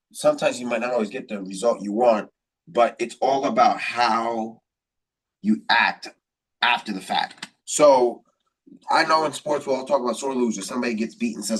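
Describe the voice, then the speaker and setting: A man's voice: mid-range voice, normal speed, a bit bright, husky, distant mic. A man hosting a podcast, giving rambling, motivational sports commentary with lots of repetition and fillers. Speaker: podcast host.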